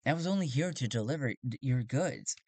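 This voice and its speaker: A man's voice: medium pitch, expressive, a little fast, a little mellow, no room sound. Flustered outlaw fibbing his way out, stammering, dry mid voice, as a man plays him. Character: smooth-talking male outlaw lying his way out.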